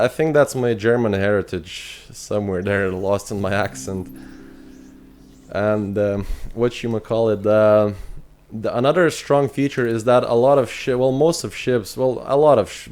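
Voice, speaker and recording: A man's voice: on the low side, normal speed, a little mellow. A man with an Irish accent chatting casually on a game live stream, answering viewers and thinking aloud with fillers. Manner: reads chat messages aloud and answers viewers.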